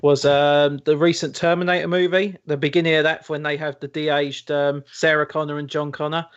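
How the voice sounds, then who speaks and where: A man's voice: fairly high pitch, level tone, fairly quick, clean tone, highs cut off. A man co-hosting a podcast in casual chat, often hesitating and repeating words. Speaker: podcast co-host.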